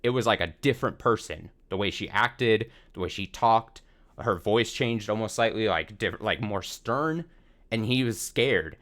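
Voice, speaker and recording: Low-voiced man rambling through a recap. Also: unhurried, fairly bright tone. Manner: rambling, restarts, casual swearing. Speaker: streamer recapping a visual novel. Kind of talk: casual let's-play commentary.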